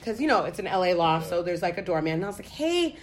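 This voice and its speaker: A young woman from the United States telling a story in casual chat, profane and animated. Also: on the low side, racing, slight background noise.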